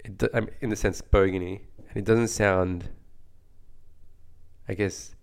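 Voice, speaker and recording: A man's voice: fairly low pitch, steady tone, unhurried, gravelly. A young Australian man co-hosting a podcast in casual chat, rambling with lots of "like" fillers, slightly under the weather with a flu. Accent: neutral Australian. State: recovering from the flu. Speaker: podcast co-host.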